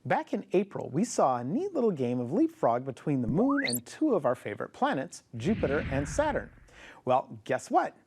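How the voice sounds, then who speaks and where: A man's voice: fairly high pitch, wildly swooping pitch, moderate pace, creaky, noisy background. A man co-hosting a scripted astronomy program as a planetarium director, with an upbeat presenter's reading.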